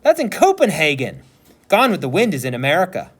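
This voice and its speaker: Brief: no-nonsense older sister, read by a man, lightly raised voice, expressive. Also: a little high, a little fast, breathy edge, pitched above the performer's own voice, exaggerated voice. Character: brisk older-sister girl, about ten. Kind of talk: read-aloud storytelling.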